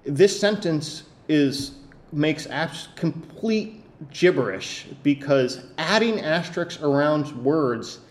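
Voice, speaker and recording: A man's voice: a little high, darkish tone. A man hosting a podcast, picking apart a text with disbelief, stumbling over restarts and fillers as he goes. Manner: hesitant, many restarts and fillers, incredulous. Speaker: podcast host. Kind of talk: casual podcast rant.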